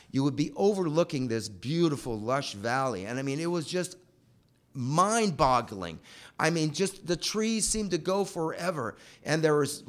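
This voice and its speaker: Lively man telling a personal story. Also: fairly high pitch. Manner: animated, breathless retelling. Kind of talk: personal anecdote told aloud.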